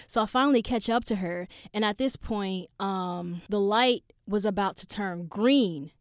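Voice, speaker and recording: A young woman hosting a podcast, telling a story in a casual, animated and profane way. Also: mid-range voice, a little slow, hardly any pauses, no echo, clean studio sound. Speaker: podcast host.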